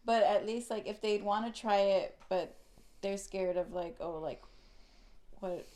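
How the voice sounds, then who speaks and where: Speaking a little slowly with long pauses, this young podcast co-host has a medium-pitched, darkish voice. Her casual chat wanders, sprinkled heavily with "like."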